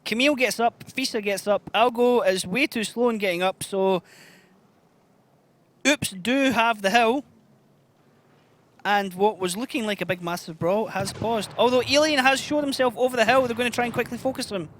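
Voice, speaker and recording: A Scottish man calls a live esports match, his voice pitched high and cutting through with a bright, forceful edge. He keeps the commentary brisk and upbeat, trading banter with his co-caster. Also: slight background noise. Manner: brisk, upbeat play-by-play with laughs.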